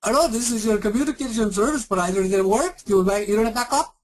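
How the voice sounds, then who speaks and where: A man putting on a rushed call-center agent with a bad Indian accent. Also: high voice, pitched above the performer's own voice, close to an everyday voice. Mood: dismissive. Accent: bad put-on Indian accent. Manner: rushes words and brushes the caller off. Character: fast-talking male call-center agent, impatient. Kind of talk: customer service role-play.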